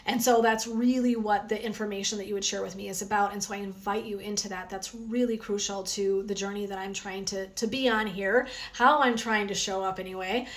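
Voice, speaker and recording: A woman's voice: medium pitch, fairly quick, few pauses. A woman wellness coach chatting energetically on a phone live stream, with a sore throat from talking. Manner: chatty and energetic, frequent "um" and "right?". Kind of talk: casual live stream chat.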